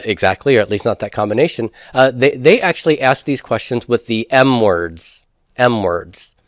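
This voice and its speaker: A man teaching a Hebrew grammar class in a relaxed lecture, joking and acting out example questions. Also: mid-range voice, no echo, clean studio sound.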